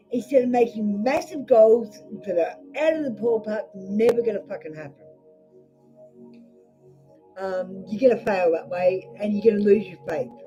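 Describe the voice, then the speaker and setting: A woman's voice: fairly high pitch, warm tone. Blunt, foul-mouthed Australian woman reading cards. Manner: blunt, swears freely. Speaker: tarot reader. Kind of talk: live-streamed card reading. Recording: dull lo-fi stream audio.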